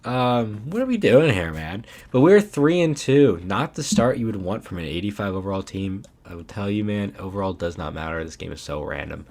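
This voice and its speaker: A young man giving casual, animated commentary over his own video game footage, ranting and saying "man" often. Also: low-pitched, fairly quick, creaky, few pauses. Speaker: gaming YouTuber.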